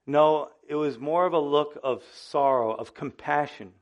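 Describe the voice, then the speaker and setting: A male pastor preaching a sermon in an animated, conversational way, often speaking straight to his listeners. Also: fairly high pitch, measured pace, dull audio.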